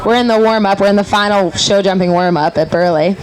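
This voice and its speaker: A woman event rider, a guest in an interview, telling a story in a lively way with frequent laughter. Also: medium pitch, brisk, rough recording. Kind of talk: casual storytelling chat.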